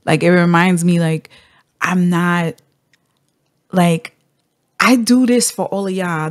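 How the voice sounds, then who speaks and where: A woman hosting a podcast in casual chat, telling stories with lively acted-out voices. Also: on the low side, no echo, studio quality. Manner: animated storyteller, acts out quoted voices. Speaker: podcast host.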